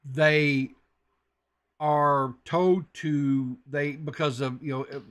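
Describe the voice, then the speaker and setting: Male podcast host with a somewhat high voice, loose meandering storyteller. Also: steady tone, slow pace, a bit bright. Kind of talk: casual podcast chat.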